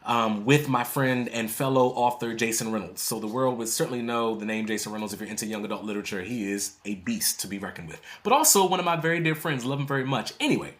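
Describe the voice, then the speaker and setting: A man's voice: medium pitch, fast, hardly any pauses, fairly bright tone. A man in his thirties, a poet and author, telling a story in conversation, acting out quotes and laughing often.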